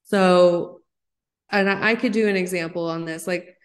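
A woman in her thirties, a psychologist guest on a podcast, explaining ideas in an animated, excited way. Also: lowish voice, unhurried. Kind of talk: podcast interview.

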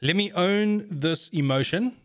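A man's voice: sits high, a little slow, fairly bright tone. A man chatting casually in an earnest, reflective way, telling stories about handling his own emotions. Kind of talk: casual chat.

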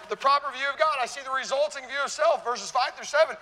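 A man with a high, very bright voice preaches a sermon in a church, swinging between hushed, earnest passages and loud, animated peaks. His voice carries a long hall reverb, with a faint hum of the room behind it. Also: fast, hardly any pauses. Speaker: pastor. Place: church sanctuary.

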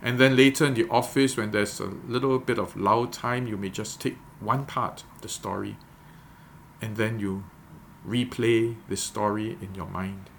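A man leading a devotional guided meditation, gently coaching listeners step by step before reading scripture. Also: on the low side, steady tone, moderate pace, gravelly, slight background noise. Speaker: devotional leader.

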